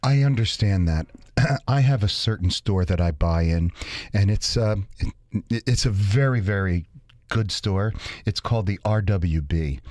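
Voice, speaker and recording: Male radio co-host, low voice, dry close sound, casual rambling chat. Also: lively intonation, measured pace, darkish tone, dry recording. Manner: rambling, retells a study loosely.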